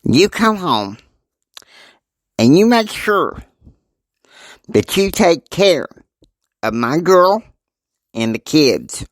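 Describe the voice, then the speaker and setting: A man's voice: on the high side, very animated, extremely slow, pauses often, no echo, studio quality, voice pushed up, exaggerated voice. A man doing a stern scolding grandma. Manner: scolding, emphatic. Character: stern bossy grandmother, older woman.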